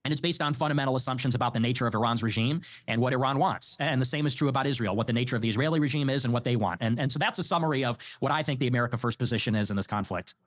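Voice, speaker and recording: Young man in his twenties, measured debater, quick pace. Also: mid-range voice. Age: 20s. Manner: measured, policy-focused argument. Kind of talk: debate argument.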